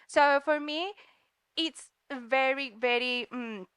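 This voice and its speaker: A woman's voice: high voice, takes it slowly, a bit bright, smooth, no echo. A cheerful woman from Spain, a comic artist giving a talk at a university event, laughing often and slipping in words. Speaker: guest speaker, comic artist. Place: lecture room in New York.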